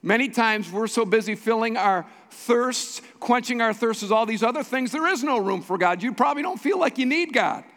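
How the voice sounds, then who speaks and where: High-voiced man preaching in a reverberant hall. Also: animated, normal speed, hardly any pauses, a bit bright. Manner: emphatic preaching with repeated phrases. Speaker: pastor. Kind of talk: sermon. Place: church sanctuary.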